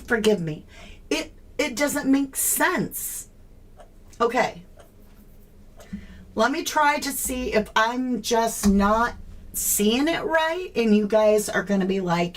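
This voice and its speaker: A woman's voice: a little high, lively intonation, slow. A woman hosting a true crime livestream, puzzling aloud in casual chat and greeting viewers by name.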